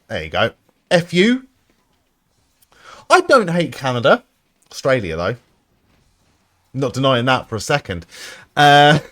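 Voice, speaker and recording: A young man giving live-streamed gameplay commentary, excitable and sarcastic, swearing often. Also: on the high side.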